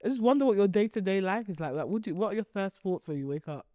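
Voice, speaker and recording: A woman's voice: animated, fast talker, mellow, dry recording. Teasing woman podcast co-host. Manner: teasing, playful, drops low for asides. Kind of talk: casual chat.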